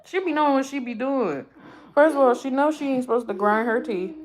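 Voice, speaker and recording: A woman's voice: high-pitched, a little fast. Heartfelt, rambling woman streamer from the East Coast. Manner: heartfelt, rambling, repeats herself. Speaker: YouTube livestream host. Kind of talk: casual livestream chat.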